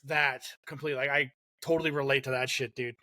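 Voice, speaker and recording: A man's voice: mid-range voice, fairly even intonation, quick pace, sharp tone, no echo, clean studio sound. A man co-hosting a podcast in casual chat, laid-back and slangy, calling people dude. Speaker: podcast co-host.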